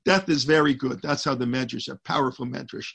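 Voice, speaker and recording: A man's voice: mid-range voice, a little fast, gravelly, fairly bright tone, breathy edge. A man teaching a Torah class as a rabbi, talking in a loose, rambling way and quoting Hebrew texts.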